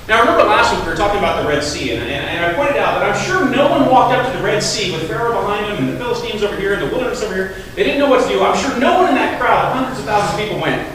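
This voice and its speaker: A man preaches in a relaxed, chatty way, often slipping into quoted voices to make a point. His voice sits high and swings widely in pitch. He is heard from across a reverberant hall with faint room noise. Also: very fast, hardly any pauses. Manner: animated, conversational preaching with acted-out quotes. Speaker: pastor. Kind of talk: sermon. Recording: echoey hall, voice from far off.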